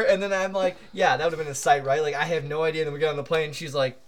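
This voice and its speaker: A man co-hosting a podcast, telling a long anecdote in an animated, rambling way full of fillers. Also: a little high, fast talker, hardly any pauses. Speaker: podcast co-host. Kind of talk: casual storytelling chat.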